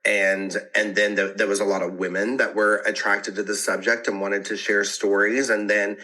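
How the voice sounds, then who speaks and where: A man speaking as a podcast guest in a casual interview, animated and quick to laugh, often restarting his sentences. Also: lowish voice, rough recording. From American South.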